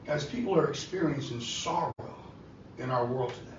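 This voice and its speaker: A man's voice: medium pitch, normal speed, slight background noise. A man preaching a sermon with an impassioned delivery that rises and falls, recorded in a church. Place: church sanctuary. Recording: echoey church hall from far off, dull and lo-fi.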